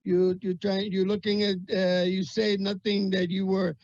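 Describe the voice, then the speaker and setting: A man co-hosting a video call with comedic banter, talking in halting bursts and repeating his words. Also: sits high, little pitch movement, a little mellow, dry recording. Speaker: co-host. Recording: dull lo-fi video call audio.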